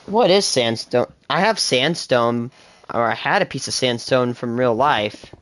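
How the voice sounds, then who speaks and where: Fast-rambling seventeen-year-old streamer. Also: mid-range voice, a bit bright. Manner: fast, rambling self-talk with laughs. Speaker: gaming livestreamer. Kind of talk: casual live gameplay chatter.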